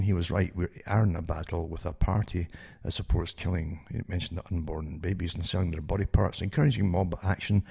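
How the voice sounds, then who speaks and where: A man's voice: low-pitched, steady tone, a little fast, creaky, hardly any pauses, mellow, slightly rough. An older man hosting a talk radio show, rambling with many restarts and sarcastic asides that end in "eh?".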